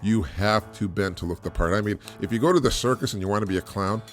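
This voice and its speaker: A man's voice: fairly low pitch, fast, faint music behind. A middle-aged man hosting a solo parenting podcast. He talks in an earnest, repetitive way, laughs often and restarts his sentences. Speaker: podcast host, single father.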